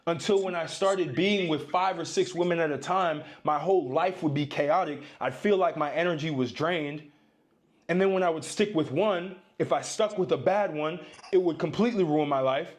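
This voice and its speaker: A man recounts his own experiences in loose, casual storytelling. His voice sits somewhat high for a man. He talks in an easy, conversational way. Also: moderate pace. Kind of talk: personal storytelling.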